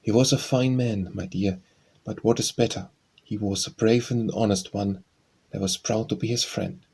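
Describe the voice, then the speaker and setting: A man reading an audiobook, voicing a gruff, abrupt elderly gentleman who is kindly underneath. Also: fairly low pitch, fairly even intonation, moderate pace.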